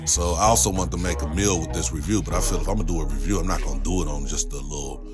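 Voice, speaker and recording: A man with a deep, low voice hosts a relaxed cooking review vlog, chatting loosely and tossing in constant asides to his viewers. He sounds like he is talking from a home kitchen. Music plays clearly in the background behind him. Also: very fast. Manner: laid-back and chatty, with frequent "you know what I'm saying" asides. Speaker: cooking show host. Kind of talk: casual food review vlog. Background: music playing.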